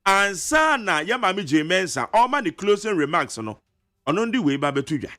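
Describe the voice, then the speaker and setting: A man with a Ghanaian accent hosting a morning radio show, chatty and animated as he reviews the news and reads listener messages. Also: on the high side. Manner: chatty, animated, frequent laughs and quick asides. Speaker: radio host. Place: radio studio. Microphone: studio microphone.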